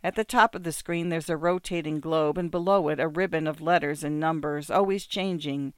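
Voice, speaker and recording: A narrator giving a measured, descriptive first-person reading of a literary story. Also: medium pitch, fairly even intonation, no room sound, clean studio sound. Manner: measured, descriptive, smooth delivery.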